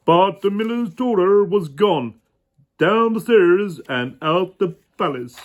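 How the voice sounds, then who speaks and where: A man's voice: high voice, lively intonation, takes it slowly. A man reading a children's picture book aloud in a playful way. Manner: playful, stops to joke about the story. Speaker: storybook reader.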